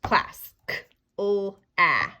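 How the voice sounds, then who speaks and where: A woman gives a patient early-grade writing lesson, stretching each word into its sounds and letters at a very slow, unhurried pace. Her pitch rises and falls with plenty of movement as she rereads the sentence, and she slips into soft, breathy half-whispers when sounding out single letters. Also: sing-song, dull audio. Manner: soft, half-whispered phonics sounds between spoken lines. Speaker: teacher.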